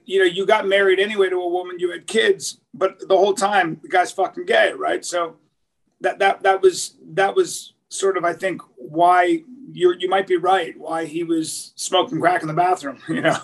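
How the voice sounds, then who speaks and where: A podcast co-host with a high-pitched voice tells loose, swear-filled comic stories. He trips over his words and keeps restarting his sentences. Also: steady tone, normal speed, creaky. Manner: profane, rambling, restarts his sentences often. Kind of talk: casual comedic storytelling.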